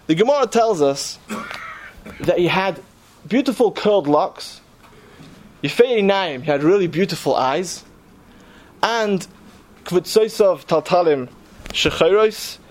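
A man's voice: high-pitched, expressive, unhurried. Earnest man telling a sermon story. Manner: earnest, rhetorical questioning storyteller. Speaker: preacher.

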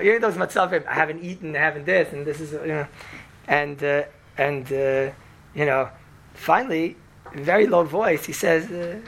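A man telling a story to an audience in an animated, chatty way, sprinkling in Hebrew and Yiddish words and asking "right?" all the time. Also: on the high side, gravelly, slight background noise.

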